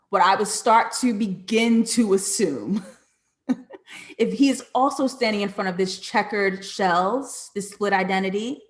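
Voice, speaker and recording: Woman on a live stream, slightly high voice, riffing on a show and reacting to chat. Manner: thinking out loud, animated, talks back to chat. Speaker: live show host reading chat comments. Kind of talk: casual live-stream commentary.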